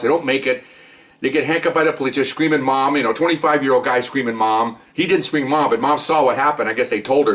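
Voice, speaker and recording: A man's voice: mid-range voice, fairly bright tone, recorded from a distance. An older man, a retired police officer, tells rambling stories in a casual monologue, often repeating words and asking "okay?".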